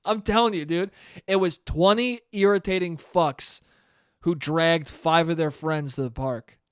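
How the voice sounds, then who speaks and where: A man's voice: on the high side, measured pace, smooth, dry recording, studio quality. A young man hosting a solo podcast, ranting in a profane, rambling way and acting out quotes in mock voices. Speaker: podcast host. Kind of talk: solo comedic rant.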